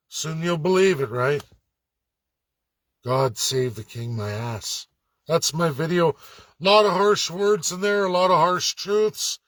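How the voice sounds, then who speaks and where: A man's voice: a little high, fairly bright tone, no echo. Sarcastic ranting man, dry sound. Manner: blunt, sarcastic and profane, mocking put-on voices. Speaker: political commentator. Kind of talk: angry rant to camera.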